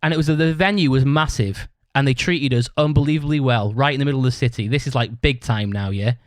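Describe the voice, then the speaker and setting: A podcast host with a mid-range voice talks at a quick pace, with no room sound. He spins a rambling, casual story, swears constantly, and keeps adding "right?" to what he says.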